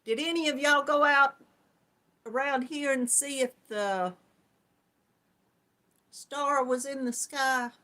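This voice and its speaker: A middle-aged woman from Georgia with a Southern US accent runs a casual live stream, greeting viewers one at a time and affectionately calling them hon and darling. She's chatty, with a high, sharp-toned voice, and speaks slowly with frequent pauses.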